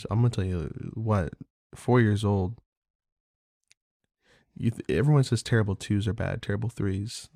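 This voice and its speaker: A man's voice: sits low, creaky, warm tone, dry recording, clean studio sound. A man hosting a podcast in a casual, candid monologue, swearing freely and talking loosely. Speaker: podcast host.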